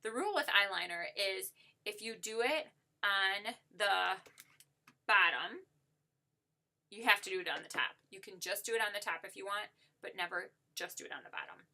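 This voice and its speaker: A woman's voice: medium pitch, lively intonation, moderate pace, bright, forceful tone. A woman giving a casual makeup tutorial while demonstrating on herself, upbeat and gushing, with lots of "like" and "so" fillers.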